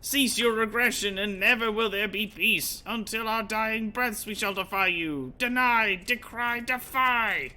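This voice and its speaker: A man's voice: high-pitched, a little slow, hardly any pauses, bright, forceful tone, voice pushed up, full character voice. A man doing a grandiose tribal zealot. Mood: defiant. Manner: grandiose, emphatic oration.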